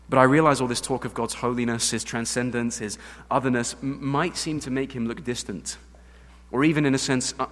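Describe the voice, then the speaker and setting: An English pastor preaches with earnest conviction, dropping to near whispers and then building to loud, emphatic lines. His voice sits in an ordinary middle register for a man. The sound carries a long reverb, like a church hall. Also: medium pitch. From England. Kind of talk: sermon.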